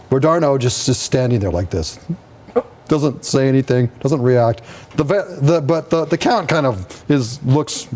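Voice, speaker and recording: Man, game master, slow unhurried narration, halting restarts, live tabletop game. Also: medium pitch, darkish tone.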